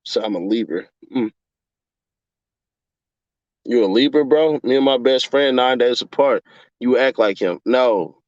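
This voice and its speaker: A young man chatting casually on a livestream and reading his chat aloud, cursing, laughing often, and jumping from mumbling to yelling. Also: mid-range voice, measured pace, pauses often, no echo. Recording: dull lo-fi dry sound.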